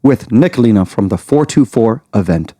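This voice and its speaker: Lively, playful man hosting a podcast. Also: on the low side, moderate pace, dry recording, studio quality. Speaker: podcast host, wedding MC. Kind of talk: casual chat.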